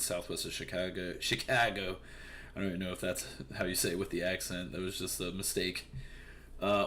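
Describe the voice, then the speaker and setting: Deep-voiced man ranting casually. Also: a bit bright, a little hiss or hum. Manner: profane, rambling, filler-heavy. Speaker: news commentary streamer. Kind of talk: casual news commentary.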